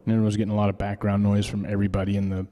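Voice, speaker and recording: A man's voice: lowish voice, completely flat delivery, very fast, warm tone, big-room sound. A man casually chatting on his own live stream, rambling and joking, often tacking on a mock "eh". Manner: rambling, jokey, tacks on a mock-Canadian "eh". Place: home studio.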